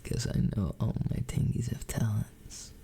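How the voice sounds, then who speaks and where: A man streaming a whispered role-play, greeting his chat in slow, doting whispers and calling them sweetheart. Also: fairly low pitch, level tone, gravelly, dark tone, husky.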